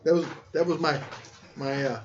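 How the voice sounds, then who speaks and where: Guy with a pretty high voice hosting a tool live stream, rambly and jokey, kinda muffled lo-fi sound. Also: steady tone, normal speed, slight background noise. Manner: rambling, joking, self-deprecating. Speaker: tool channel host. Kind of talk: casual live-stream chat.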